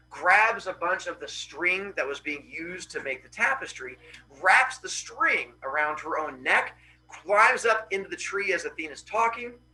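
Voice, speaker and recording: A man's voice: sits high, bright, forceful tone, slight background noise, low-quality recording. A male teacher dramatically retelling a Greek myth to his class in a casual, playful way. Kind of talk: animated classroom storytelling.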